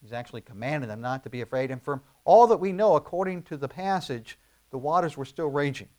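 A man preaching from the pulpit with a slightly high voice. He throws rhetorical questions at the congregation and slows into loud, deliberate emphasis on the key phrases. It sounds like a pastor building a sermon point by point. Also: lively intonation. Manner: rising to emphatic, slowed declarations on key phrases.

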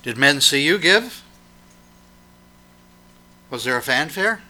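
A man's voice: a little high, animated, takes it slowly, sharp tone. A man preaching a sermon, emphatic and questioning, his voice swelling and dropping to press each point.

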